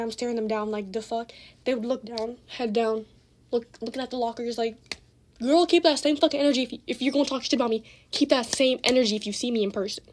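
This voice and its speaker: A teenage girl telling a casual storytime with lots of slang and cursing, animated as she retells the drama. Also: on the high side, slight background noise. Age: teens.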